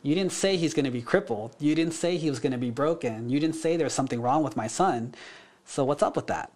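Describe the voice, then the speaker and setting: A man's voice: fairly high pitch, brisk, darkish tone, lightly acted. A man voicing an exasperated king who scolds his advisors in blunt, slangy everyday speech. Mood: indignant.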